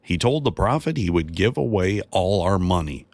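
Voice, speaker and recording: A man's voice: sits low, lively intonation, a little mellow, no room sound. A man voicing a fretful, exasperated wife. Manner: quick, fretful complaining. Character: anxious, exasperated wife of a wealthy tax collector.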